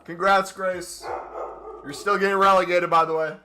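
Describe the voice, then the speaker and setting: A male streamer chatting during a live game stream on his microphone, excitable and joking. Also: sits high, normal speed. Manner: excitable and joking, with whoops and laughs.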